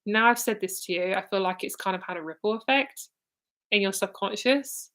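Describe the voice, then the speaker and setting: A woman's voice: medium pitch, normal speed, fairly bright tone. A woman in her twenties with a British accent, giving a live psychic reading in a casual, rambling way, with fillers, restarts and swearing. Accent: British English. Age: 20s. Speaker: psychic reader.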